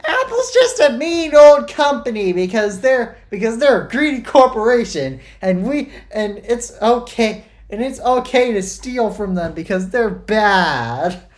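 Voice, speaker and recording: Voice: mid-range voice, big pitch swings, measured pace, hardly any pauses, pitched above the performer's own voice. A podcast co-host voicing a whiny online complainer as a mocking, exaggerated parody in casual chat. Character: shrill whiny online complainer ranting at a company.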